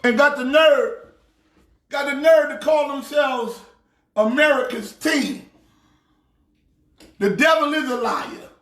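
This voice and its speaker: A pastor mocking a football team in a loud comedic rant, often shouting. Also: male voice, very high voice, slow, long pauses. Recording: echoey room.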